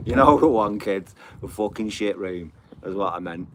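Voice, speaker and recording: A middle-aged man with a low, deep voice chats loosely to his viewers on a live stream. He rambles, swears often and keeps checking in with asides. Faint noise sits under his voice. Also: normal speed, a bit bright. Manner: rambling, sweary, full of "you know what I mean". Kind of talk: casual chat on a live stream.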